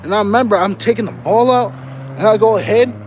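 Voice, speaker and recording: Young guy, high voice, casual profane storyteller walking a street, faint traffic behind. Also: quick pace. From Southern California. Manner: rambling, profane, laughs often. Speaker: vlogger.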